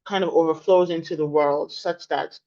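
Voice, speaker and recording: A woman's voice: sits low, steady tone, normal speed, warm tone. A woman, a program leader giving a reflective closing speech over a video call, stacking phrases for emphasis. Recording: dull lo-fi call audio.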